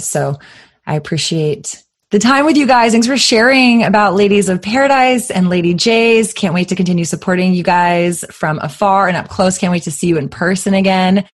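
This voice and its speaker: A young adult woman from Texas, hosting a podcast in a casual, animated and emphatic way. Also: lowish voice. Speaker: podcast host.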